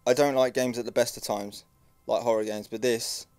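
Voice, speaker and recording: A young man playing a horror game, muttering and swearing in panic and yelling when frightened. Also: medium pitch, steady tone, moderate pace, faint music behind. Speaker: gaming YouTuber.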